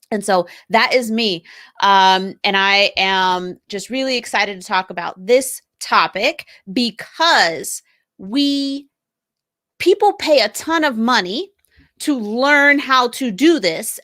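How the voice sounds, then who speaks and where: Casting: bright, fairly high-voiced woman as a chatty, upbeat live stream host. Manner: chatty, upbeat, greets commenters by name. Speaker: brand strategist hosting a live stream. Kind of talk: live stream talk to viewers.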